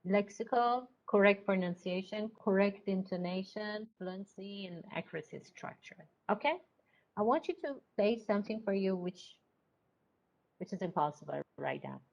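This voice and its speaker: A woman's voice: medium pitch, a little slow. A woman teacher trainer giving a lecture, explaining step by step and often checking in with "okay?". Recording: dull lo-fi recording.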